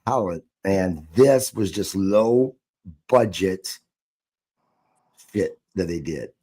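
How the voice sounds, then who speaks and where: A man's voice: deep voice, lively intonation, slow, dark tone, husky. A man co-hosting a casual wrestling podcast, blunt and dismissive, swearing freely. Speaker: podcast co-host.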